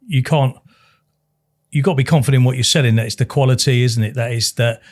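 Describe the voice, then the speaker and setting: A man's voice: mid-range voice, fast talker, darkish tone. A man hosting a casual podcast chat, rambling and explaining through examples.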